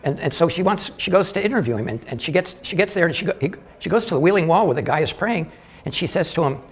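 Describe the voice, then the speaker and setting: An older man doing live stand-up comedy, telling jokes in a halting way with many restarts and small chuckles. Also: on the high side, lively intonation, slightly rough.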